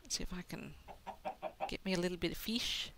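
A woman's voice: lowish voice, fairly quick, background noise. A woman casually commenting on her own gameplay, talking to herself and laughing at her mistakes. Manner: chatty, self-narrating, laughs at mistakes. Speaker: let's play gamer.

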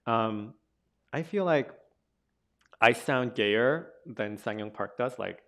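A man's voice: lowish voice, expressive, drawn-out words, fairly bright tone. A man from South Korea, a translator speaking casually at a book event, chatty and full of fillers and restarts. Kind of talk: casual conversational talk.

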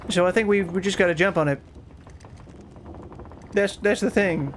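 Sex: man. Pitch: high. Role: co-host of a gaming livestream. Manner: excitable, cheering his friends on, often stammering and restarting. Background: faint noise. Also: moderate pace. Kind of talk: casual gaming banter.

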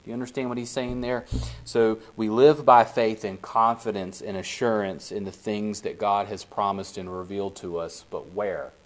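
This is a man with a fairly low voice running a laid-back Bible study for a small gathering. He checks in with the group again and again to see if they understand, never hurrying and always sounding conversational.

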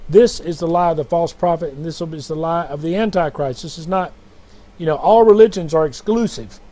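A self-styled prophet and preacher with a slightly high, dark-toned voice talks fairly quickly. Recording himself alone at night, he recounts a dream and preaches in a rambling, repetitive, fervent way, often calling out to "brothers and sisters."

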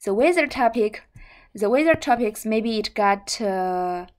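Brief: young Chinese-accented woman teacher, slightly high voice, slow careful drilling of syllables. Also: lively intonation. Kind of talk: language lesson.

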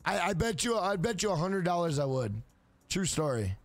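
High voiced streamer dude, swoops up and down a lot, swears constantly, rambly. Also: male voice, moderate pace, no echo. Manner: profane, rambling, animated. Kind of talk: live-stream casual chat.

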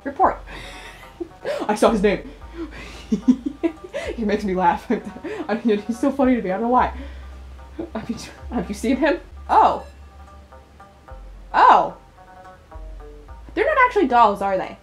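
Playing through a horror visual novel for a let's play, a young woman with a high-sitting voice jumps at the scares, laughs often and talks back to the characters on screen.

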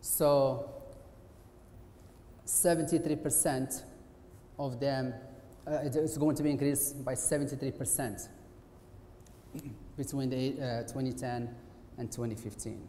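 A man's voice: mid-range voice, steady tone, a little slow, pauses often, mellow. Man lecturing in an echoey hall. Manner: conversational and hesitant. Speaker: guest lecturer, occupational therapist. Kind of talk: presentation lecture. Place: university auditorium. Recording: echoey hall with faint hiss.

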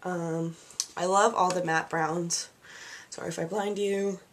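A woman's voice: lowish voice, steady tone, unhurried, a little hiss or hum. A woman giving a casual, bubbly beauty product review at home, chatting with lots of "like" fillers. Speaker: beauty vlogger. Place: at home, seated with products in front of her.

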